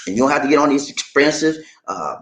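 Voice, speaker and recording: Male vlogger, casual to-camera travel advice, very animated pitch, buddy-style chatter. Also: fast talker. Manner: animated, chatty, calls the viewer "man" and "baby", repeats points.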